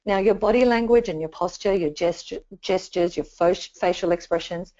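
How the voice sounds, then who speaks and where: A woman with a lowish, dark-toned voice presents a communication training webinar at normal speed from a home or office. She talks conversationally, with many fillers and restarts, and the remote webinar audio is dull and lo-fi.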